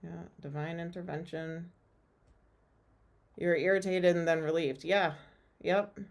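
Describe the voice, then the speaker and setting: A woman's voice: on the low side, fairly even intonation, measured pace. A woman host chatting casually on a live stream, loose and giggly, with plenty of fillers. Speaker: host and tarot reader.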